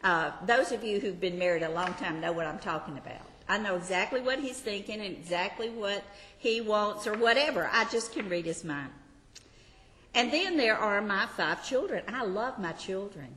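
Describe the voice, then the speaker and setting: A woman's voice: medium pitch, expressive, normal speed, pushed and bright, long reverb tail. Chatty older woman teaching Sunday school. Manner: chatty, self-deprecating, homey teaching with asides. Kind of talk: Bible study teaching to a class.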